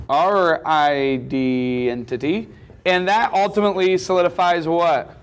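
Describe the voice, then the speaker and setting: A man's voice: a little high, fairly even intonation, slow, clean tone. A man teaching a class, lecturing in a conversational way and often checking in with questions.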